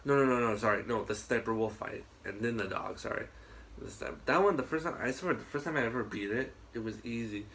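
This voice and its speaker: Rambling, animated man telling stories. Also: mid-range voice, brisk, a little hiss or hum. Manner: rambling, animated storytelling with frequent swearing. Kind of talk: casual chat.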